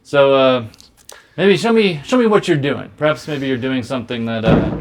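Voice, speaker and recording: A man's voice: mid-range voice, normal speed, slight background noise, voice pushed down, natural voice. A man playing a blunt police chief. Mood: businesslike. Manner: blunt, businesslike, a bit weary. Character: stern police chief, man, middle-aged, patient. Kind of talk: improvised comedy scene.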